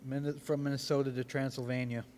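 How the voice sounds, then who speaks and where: A man's voice: mid-range voice, flat delivery, fairly quick, darkish tone, a little hiss or hum. A man on a podcast panel in casual chat, sharing trivia with a dry sense of humor.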